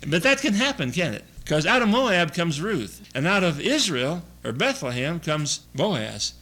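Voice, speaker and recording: A man preaching a casual sermon, reading scripture slowly and chuckling as he asks his listeners questions. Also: fairly high pitch, sing-song, pushed and bright, slight background noise, poor audio. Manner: reads scripture aloud slowly. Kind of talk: conversational sermon.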